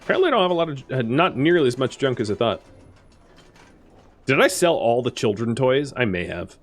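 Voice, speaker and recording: A man in the middle of casual gameplay commentary, his voice swinging widely in pitch as he chats to the little characters on his screen. He jumps from surprised outbursts to low muttered asides, all at an easy middle pitch. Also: very animated, brisk. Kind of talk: casual let's-play commentary.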